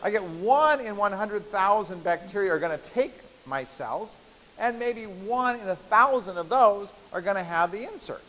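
In a large lecture hall, a man teaches university biochemistry in a playful, chatty style, frequently checking in with students. His voice sits high and a bit bright, with lively intonation at a moderate pace. The recording is hissy with long reverb.

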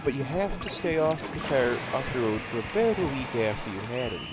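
A man's voice: mid-range voice, very animated, brisk, close to an everyday voice. A man voicing a boisterous, folksy Newfoundland character with an exaggerated Newfoundland accent, hearty and fond of calling people "boy.". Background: game music.

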